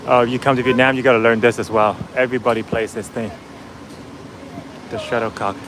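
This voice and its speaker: A man's voice: medium pitch, steady tone, a little fast, noisy background. Chatty man on a city street. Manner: chatty, laughs easily, talks to viewers. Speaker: vlogger. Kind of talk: casual walking vlog. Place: outdoors on a busy city street.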